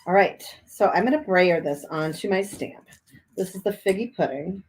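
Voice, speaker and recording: This woman speaks in a mid-range, darkish voice with lively intonation and a moderate pace. As an art instructor, she gives a casual, cheerful art journaling demo in a cold room over a garage, talking while she works and chewing a cough drop.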